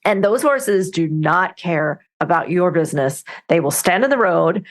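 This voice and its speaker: A woman author, a podcast interview guest, telling lively anecdotes and often restarting her sentences. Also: on the low side, measured pace.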